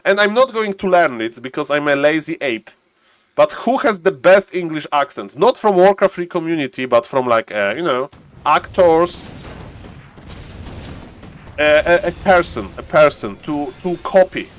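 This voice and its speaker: Excitable man casting a live game. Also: fairly high pitch, dry recording. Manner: excitable, chatty, laughs often, halting restarts. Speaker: game caster and streamer. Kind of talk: live game commentary on stream.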